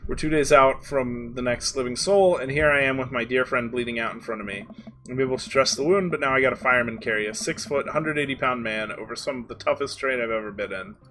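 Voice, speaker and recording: A man voicing a gruff, brooding ex-army dad in a video game, with a put-on Southern drawl and low, grim storytelling. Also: quick pace, a bit bright, slight background noise, close to an everyday voice.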